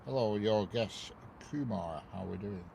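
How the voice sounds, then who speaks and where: A man's voice: on the low side, measured pace, gravelly, a little mellow, slight background noise. A man from the north of England, chatting casually on a live stream from his parked car and greeting viewers by name in a rambling way. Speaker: railway livestreamer. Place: parked car near a railway bridge. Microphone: wireless clip-on mic inside car.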